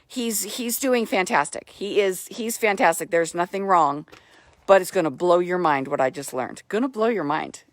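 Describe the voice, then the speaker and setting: A woman giving a casual live video update about her horse, excitable and gushing, repeating herself, talking into a phone held close outdoors. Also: lowish voice, normal speed, no room sound. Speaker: horse owner vlogger.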